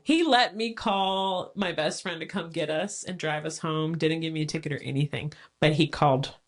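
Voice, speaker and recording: A woman, a podcast guest, telling stories from her life in a casual, animated way, often laughing and acting out the voices of others. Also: low-pitched, moderate pace. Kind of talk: casual storytelling.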